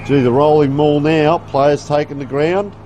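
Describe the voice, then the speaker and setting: Male commentator, folksy live play-by-play, slightly high voice, faint outdoor noise behind. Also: fairly even intonation, unhurried, darkish tone, dull audio. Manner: chatty, folksy play-by-play with asides. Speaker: sports commentator. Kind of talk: live local football commentary. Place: outdoor football ground.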